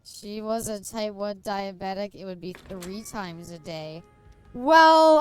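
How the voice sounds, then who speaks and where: A woman's voice: a little high, clean tone. Giggly, chatty young woman streamer. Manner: giggly, chatty, swears freely. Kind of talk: casual chat while playing.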